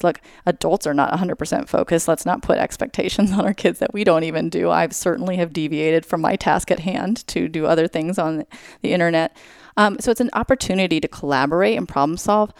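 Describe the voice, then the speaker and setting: A woman being interviewed as a school psychologist, talking casually and brightly, explaining ideas through everyday examples, with many "like"s and "you know"s. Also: lowish voice, fairly quick, clean tone, dry recording, clean studio sound.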